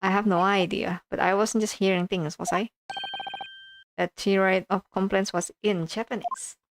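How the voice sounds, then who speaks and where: A woman's voice: mid-range voice, steady tone, normal speed, noisy background, lightly acted. A woman voicing an earnest, polite young male lawyer who talks in a hesitant way, over game music.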